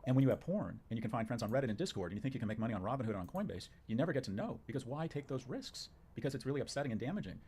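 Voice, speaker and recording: A man's voice: mid-range voice, animated, rapid-fire, hardly any pauses, a little mellow. A man talks at a breakneck pace, firing off short, punchy statements as a guest on a talk show. His delivery is emphatic and opinionated. Faint background noise runs beneath his voice. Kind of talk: opinionated conversation.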